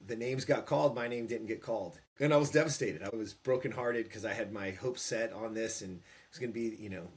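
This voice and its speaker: A man in his fifties, a podcast guest, telling a personal story in an animated, emphatic way and acting out the quotes. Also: fairly low pitch. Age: 50s. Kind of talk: storytelling in an interview.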